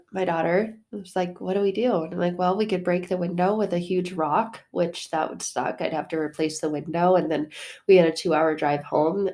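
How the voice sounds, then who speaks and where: A woman with a fairly low voice tells a personal story in a loose, chatty way. She fills her talk with fillers and jumps between hushed asides and loud, excited bursts. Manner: animated, swings from hushed to loud, lots of fillers. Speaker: podcast host. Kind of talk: casual storytelling.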